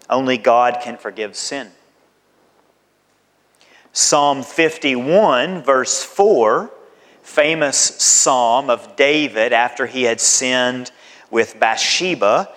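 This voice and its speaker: A man preaching a sermon as pastor, emphatic and deliberate, with dramatic swings in his voice. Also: medium pitch, fairly bright tone. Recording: long hall reverb.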